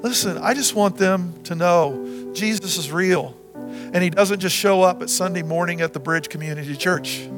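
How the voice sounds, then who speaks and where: A man preaching a sermon as pastor, repeating phrases and swinging from loud to soft. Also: high voice, moderate pace. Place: church sanctuary. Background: guitar music.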